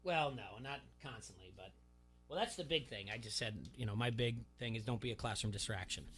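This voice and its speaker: A man's voice: medium pitch, brisk, soft background music. Storytelling male radio host. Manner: storytelling, animated when quoting. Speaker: radio sports talk host. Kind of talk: casual chat.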